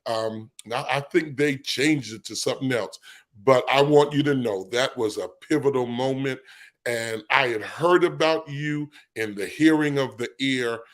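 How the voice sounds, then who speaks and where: A man, a bishop being interviewed, talking in an affectionate, relaxed way with fillers and chuckles. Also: medium pitch, unhurried. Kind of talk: casual chat.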